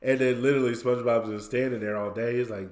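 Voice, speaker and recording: Male podcast co-host, mid-pitched, animated storyteller, roomy echo. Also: fast. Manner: animated retelling with quoted voices and laughter. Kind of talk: casual podcast recap.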